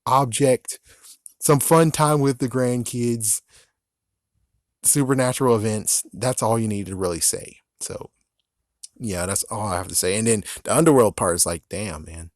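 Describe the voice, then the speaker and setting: A man's voice: lowish voice, a little slow, no echo, clean studio sound. A man who vlogs, complaining in a casual, rambling commentary and often cutting himself off in exasperation. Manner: exasperated, rambling, self-interrupting. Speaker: vlogger.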